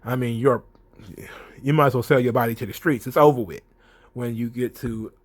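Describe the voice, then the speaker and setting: A man's voice: medium pitch, steady tone, a little fast. A man hosting a casual wrestling recap show, talking loosely with swearing and frequent laughs, briefly acting out the wrestlers' lines. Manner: loose, profane and laughing, acts out promo quotes. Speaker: wrestling commentary host. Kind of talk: casual solo recap commentary.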